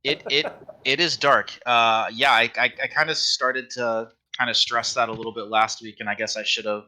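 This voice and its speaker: Chatty male game master, bright voice. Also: mid-range voice, steady tone, moderate pace. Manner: patient, explains rules with many fillers. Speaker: dungeon master. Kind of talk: running a tabletop game.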